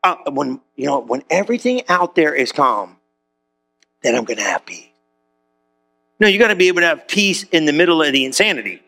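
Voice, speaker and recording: Gravelly, bright-voiced joking male preacher. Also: fairly high pitch, brisk, long pauses. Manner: animated, joking, calls out to the congregation. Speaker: pastor. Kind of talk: sermon.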